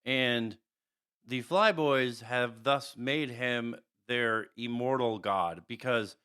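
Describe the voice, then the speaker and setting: A man co-hosting a podcast, describing characters in a relaxed, rambling way with frequent chuckles. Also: medium pitch, takes it slowly, smooth. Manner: rambling, chuckles often, restarts. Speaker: podcast co-host. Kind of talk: casual chat describing characters.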